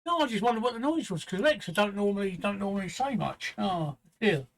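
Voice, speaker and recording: A man's voice: sits high, animated, quick pace. An older man hosting a casual livestream chat from home. He talks bluntly with crude humour and many fillers. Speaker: host.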